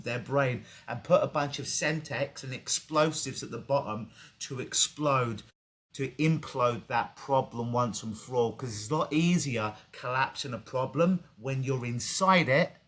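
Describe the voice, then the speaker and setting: A man with an English accent, a clinical hypnotist talking casually in an interview over a video call, vivid and joking, with the odd swear word. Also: mid-range voice. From England.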